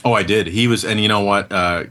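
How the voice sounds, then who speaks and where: A man's voice: fairly low pitch, fairly even intonation, fairly quick, bright, forceful tone. A middle-aged man co-hosting a film podcast, talking casually with many fillers and restarts. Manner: rambling, lots of fillers and restarts. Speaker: podcast co-host.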